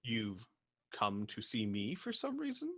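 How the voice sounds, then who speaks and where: A man voicing a jolly blue giant with a booming but pleasant, polite voice. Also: huge pitch swings, unhurried, a bit bright, full character voice. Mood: courteous.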